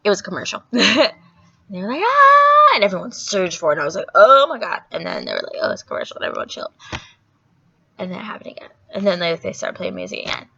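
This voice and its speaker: A woman's voice: lowish voice, quick pace, creaky, breathy edge. A young woman vlogger casually retelling a story in a chatty, rambling way, with a sore throat. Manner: chatty, filler-heavy, animated retelling. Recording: dull lo-fi recording.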